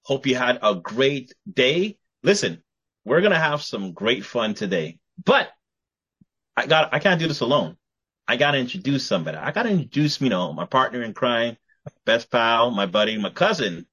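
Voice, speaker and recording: A man's voice: medium pitch, very animated, normal speed, fairly bright tone, husky, muffled recording. A man hosting a casual podcast, playful and theatrical in his announcements. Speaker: podcast host.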